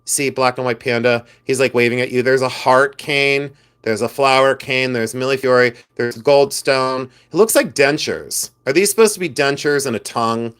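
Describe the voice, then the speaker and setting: A man's voice: mid-range voice, moderate pace, hardly any pauses, a bit bright, clear, resonant tone. A man hosting a live stream, chatting casually, joking and reading viewer comments aloud. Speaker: live stream host reselling buttons.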